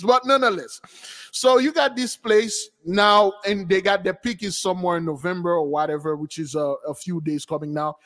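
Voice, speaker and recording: A man's voice: high-pitched, fairly even intonation, normal speed, gravelly, a bit bright. A man hosting a spiritual channel, talking casually and rambling with frequent questions to his audience. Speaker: spiritual teacher and channel host. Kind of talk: casual livestream talk. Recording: long reverb.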